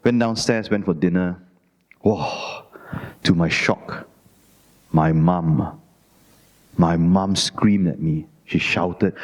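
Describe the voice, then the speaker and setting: A middle-aged Malaysian man with a Malaysian English accent, giving a Dhamma talk as an animated, self-mocking storyteller. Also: low-pitched, slow pace, pauses often, long reverb tail. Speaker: Dhamma speaker. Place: Buddhist society hall.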